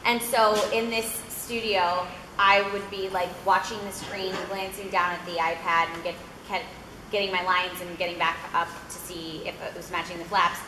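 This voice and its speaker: A young woman voice actor chatting on a convention panel, an animated storyteller who acts out quotes. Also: lowish voice, normal speed. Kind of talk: casual panel chat. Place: large convention hall. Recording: echoey convention hall with background noise.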